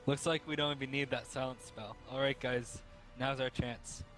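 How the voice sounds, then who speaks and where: A man playing at a tabletop game, joking quietly in casual chat. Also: medium pitch, fairly even intonation, normal speed, faint music behind. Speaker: player.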